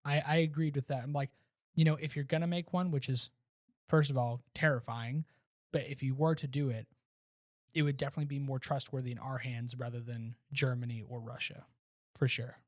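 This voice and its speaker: A man co-hosting a podcast, casually reviewing a movie and retelling scenes with animated restarts. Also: mid-range voice, fairly quick, no echo, studio quality. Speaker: podcast co-host.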